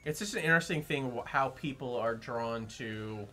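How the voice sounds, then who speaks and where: A man's voice: medium pitch, moderate pace, pushed and bright, faint music behind. A man co-hosting a casual film discussion, laying out an analytical take in a laid-back way. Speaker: podcast co-host.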